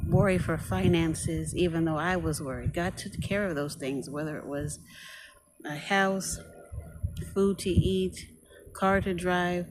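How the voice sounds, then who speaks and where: A woman walking in a park, a little out of breath, offering gentle, prayerful blessings to her viewers. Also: lowish voice, steady tone, measured pace. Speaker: vlogger. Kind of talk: prayerful outdoor vlog. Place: outdoors in a park. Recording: loud outdoor noise.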